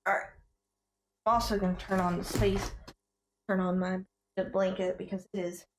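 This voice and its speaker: A woman's voice: mid-range voice, flat delivery, moderate pace. A woman with a Southern US accent chatting casually while streaming a video game. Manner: chatty, giggly, reading dialogue aloud. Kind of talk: casual let's-play commentary.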